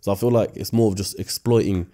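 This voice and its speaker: Quick, low-voiced podcast host man. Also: fairly even intonation, dark tone. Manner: offers opinions carefully, thinks aloud. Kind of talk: casual podcast chat.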